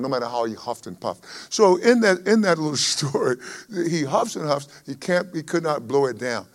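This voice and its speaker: A man preaching a sermon, his delivery swelling loud on scripture and dropping low between. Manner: emphatic preaching that swells and drops in volume. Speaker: pastor.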